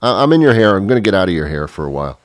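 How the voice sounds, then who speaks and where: Rambling low-voiced male radio host. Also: big pitch swings, rapid-fire, dry recording, clean studio sound. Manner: rambling, stammering, self-mocking. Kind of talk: comedic talk radio monologue.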